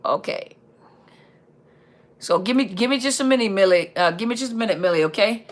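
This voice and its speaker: A woman hosting a live Q&A stream, chatting casually and reading out viewer comments in an upbeat, chatty way. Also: lively intonation. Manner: upbeat, chatty, reads out viewer comments with quick pitch jumps.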